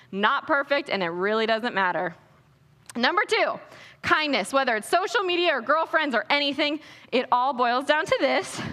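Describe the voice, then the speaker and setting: On stage at a conference, a young woman delivers an inspirational Christian talk that is energetic, playful and earnest. Her high-pitched voice goes through a stage microphone, and the hall's echo leaves a long reverb.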